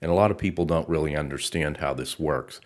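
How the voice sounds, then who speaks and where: A man presenting a narrated slideshow tutorial, explaining equipment in a steady, explanatory way. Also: rumbling low, fast talker. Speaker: research group presenter.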